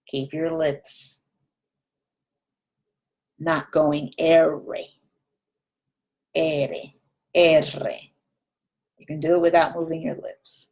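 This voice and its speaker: A woman's voice: fairly low pitch, a little mellow. A woman teaching a Spanish pronunciation lesson online, patiently repeating tongue twisters and drills aloud.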